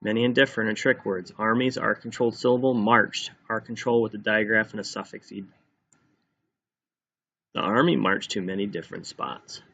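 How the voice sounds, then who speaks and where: A male teacher slowly dictating a spelling test, sounding out each word and repeating it for young students. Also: fairly low pitch, steady tone, gravelly, sharp tone. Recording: dull lo-fi recording.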